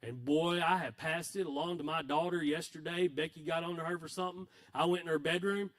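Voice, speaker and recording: A male pastor delivers a sermon in a high-pitched voice. He preaches conversationally and mixes in self-mocking stories. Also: fairly even intonation, brisk. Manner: conversational, self-deprecating storytelling.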